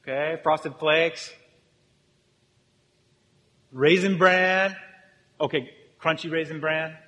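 A man's voice: a little high, slow pace, sharp tone. A man preaching a sermon in a casual, joking way, talking directly with his congregation. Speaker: pastor. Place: church hall with audience. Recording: long hall reverb.

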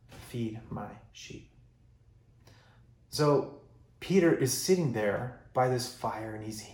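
A male pastor preaching a sermon, telling a story with lively emphasis and going quiet for the solemn parts. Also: medium pitch, roomy sound. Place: church.

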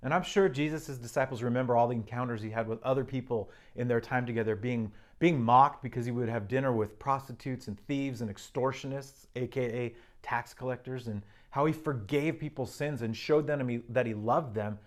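Earnest guy preaching, reads scripture aloud, mid pitched, steady. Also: brisk, few pauses. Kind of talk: sermon.

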